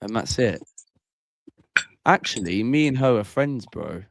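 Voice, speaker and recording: Low-voiced blunt streamer. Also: male voice, sing-song, a little slow, gravelly, noisy background. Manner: blunt, repeats bro and mate. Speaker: livestream host. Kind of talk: casual call-in chat.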